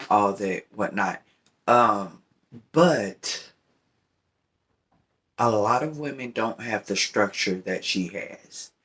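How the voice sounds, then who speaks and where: A man talks in a casual vlog, rambling and often checking in with the listener. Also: a bit bright. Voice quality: deep voice. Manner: rambling, repeats "you know what I'm saying". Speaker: vlogger. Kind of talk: casual opinion talk while smoking.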